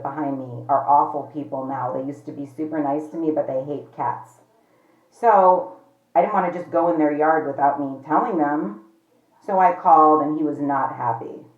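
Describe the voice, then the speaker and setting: A woman's voice: low-pitched, moderate pace. A woman vlogging at home in a chatty, rambling way, often calling her viewers "you guys". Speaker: pet vlogger. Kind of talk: casual chat to camera. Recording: echoey, slightly dull home recording.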